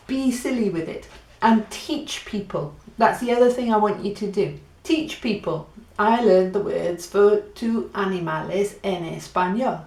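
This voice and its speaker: A woman's voice: mid-range voice, measured pace, darkish tone. A woman teaching a playful Spanish lesson, acting out silly laughs and animal noises as she demonstrates sounds. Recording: echoey room.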